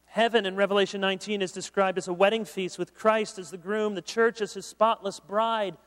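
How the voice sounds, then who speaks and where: A man preaching in a large hall, his slightly high voice carrying with a long reverb. He talks in an animated, conversational way, joking with the crowd, then turning earnest. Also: a little fast, hardly any pauses. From Michigan, USA. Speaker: pastor. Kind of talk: sermon.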